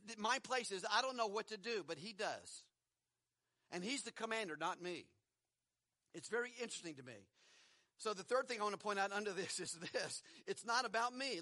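Preacher, male, middle-aged: high, bright voice, dry close sound, chatty sermon delivery. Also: no room sound. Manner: conversational, rhetorical questions, chuckles between points.

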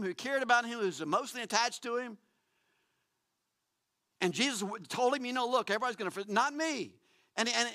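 A man's voice: high voice, bright, forceful tone. A man preaching a sermon, emphatic and repetitive, acting out quoted lines.

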